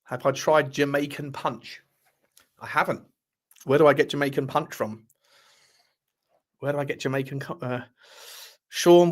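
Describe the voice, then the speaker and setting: Chatty man hosting a live chat. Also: a little high. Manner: chatty, rambling, laughs often, banter with viewers. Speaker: livestream host reading chat.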